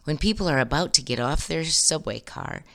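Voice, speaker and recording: A woman hosting a scripted reflective talk, telling stories in an expressive, warm manner. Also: sits low, moderate pace, vocal fry. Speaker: host.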